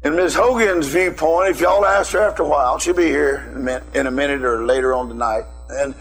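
A man's voice: a little high, a little fast, a bit bright, slightly rough, soft background music. A man preaching a sermon, telling a personal story and calling out emphatically to his listeners.

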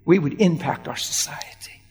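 A man's voice: on the high side, moderate pace, in a large hall, soft background music. A man preaching a storytelling sermon, acting out the people in his story and laughing often. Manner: animated, acts out dialogue, laughs often.

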